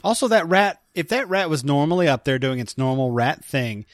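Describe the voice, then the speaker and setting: Host, male, fairly high voice, jokey, leads the conversation, dry close sound. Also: normal speed, dry recording. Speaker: podcast host. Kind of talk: casual chat.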